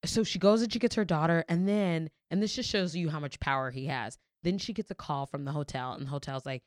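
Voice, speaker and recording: A woman's voice: deep voice, fast talker, few pauses, no room sound, clean studio sound. A young woman co-hosting a casual talk show, telling a story candidly and swearing freely. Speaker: podcast co-host. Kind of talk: casual chat.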